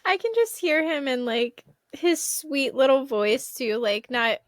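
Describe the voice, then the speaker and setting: A woman's voice: high-pitched, lively intonation, slow pace, no room sound, studio quality. A young woman from Florida co-hosting a podcast, reacting in a chatty way and laughing easily. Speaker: podcast co-host. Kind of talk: casual chat.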